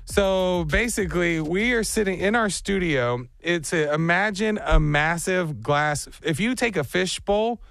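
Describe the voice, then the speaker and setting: A man hosting a radio show, telling a story with animated energy and acting out voices, in a studio. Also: high-pitched, a little slow, vocal fry, few pauses, no room sound, soft background music. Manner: excitable storyteller, acts out voices. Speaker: radio host. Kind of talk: animated morning radio banter. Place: glass-walled radio studio downtown. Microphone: studio microphone.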